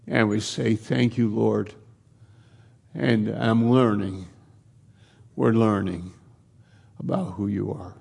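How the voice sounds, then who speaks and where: A man preaching a sermon in a slow, repetitive cadence, building phrase on phrase. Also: lowish voice, steady tone, vocal fry, a little mellow, husky, big-room sound.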